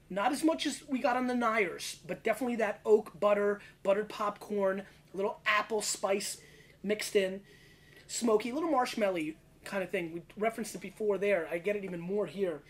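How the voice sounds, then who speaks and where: A man in his thirties hosts his own casual video wine review show, scoring and riffing on each bottle in a brash, slangy, rapid-fire style. His voice is high-pitched, and a little hiss or hum can be heard.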